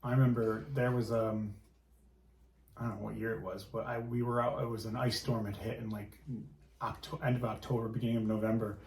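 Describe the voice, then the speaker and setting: A man's voice: lowish voice, level tone, brisk, gravelly, darkish tone, slight background noise. Reminiscing man in a roomy space. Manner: rambling, reminiscing, fond. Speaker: podcast guest. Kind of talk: casual chat.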